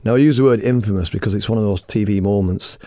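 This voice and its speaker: A middle-aged man telling a story in a lively, blunt, self-mocking way, as a radio presenter. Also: fairly low pitch, quick pace, dry recording. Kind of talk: casual anecdotal storytelling.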